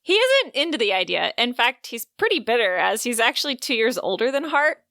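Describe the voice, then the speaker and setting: Bright gushing woman podcast host. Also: on the high side, no room sound, clean studio sound. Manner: gushing, animated, quick to laugh. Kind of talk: casual book recap with read-aloud quotes.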